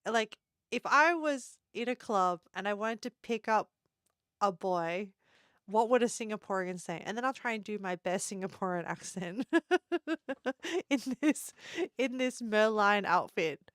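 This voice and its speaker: A woman's voice: mid-range voice, lively intonation, measured pace, a bit bright, smooth, no room sound, studio quality. A woman hosting a casual live stream, chatting and constantly breaking into giggles.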